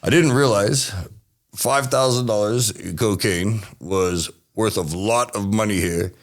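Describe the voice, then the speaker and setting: Animated low-voiced man telling stories. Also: a little slow. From United States. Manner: animated, acts out voices in his stories, laughs often. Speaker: guest. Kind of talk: casual storytelling.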